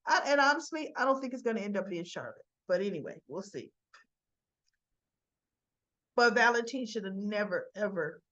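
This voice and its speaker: A woman chattily retelling a soap opera episode, animated, with frequent asides. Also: mid-range voice, muffled recording. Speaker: soap opera recap vlogger. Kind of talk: casual recap of a TV episode.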